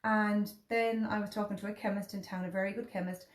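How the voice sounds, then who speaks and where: An Irish woman in her thirties tells a personal story in a casual chat. She acts out other people's words as she goes. Her voice sits at a middle pitch and carries a roomy echo. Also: fairly even intonation, brisk. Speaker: host.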